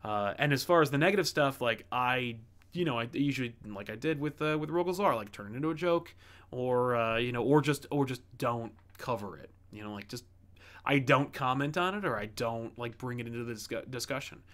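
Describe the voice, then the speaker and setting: Man, comic stream host, rambling casual chat, mid pitch. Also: brisk, a bit bright. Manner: rambling, many fillers and restarts. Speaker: comic book channel host reading viewer messages.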